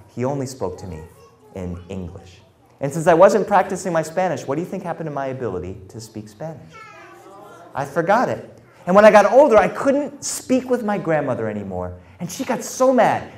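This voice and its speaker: A middle-aged man telling a story in a live performance in a library, animated and playful, slipping in Spanish phrases. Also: on the high side.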